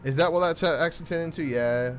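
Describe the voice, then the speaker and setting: A man's voice: fairly high pitch, fairly quick. A man with a Northern English accent giving casual, self-mocking let's-play commentary and reading game text aloud. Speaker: gameplay streamer. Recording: faint background game music.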